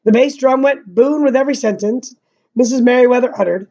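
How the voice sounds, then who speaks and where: A woman's voice: on the high side, brisk, dull audio. A young woman reading a novel aloud like a teacher, adding casual asides. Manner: casual asides between reading, slightly monotone narration. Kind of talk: read-aloud with commentary.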